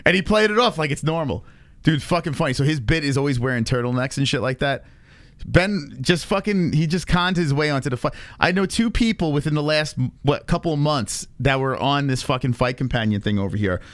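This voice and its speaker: A man's voice: fairly high pitch, a little fast, no echo. A man hosting a casual reaction stream, swearing freely and laughing often. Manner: profane, laughs often, animated. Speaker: streamer host.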